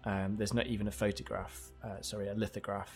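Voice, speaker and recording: A man's voice: on the low side, little pitch movement, fast, vocal fry, music in the background. Rambling male game master. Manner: rambling, lots of fillers and restarts. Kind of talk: narrating a tabletop game.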